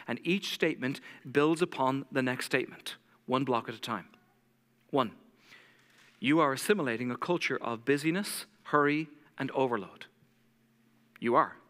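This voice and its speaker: A lead pastor preaching a sermon, intense and fast-talking, dropping to a soft hush when he reads scripture. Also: medium pitch. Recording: long church hall reverb.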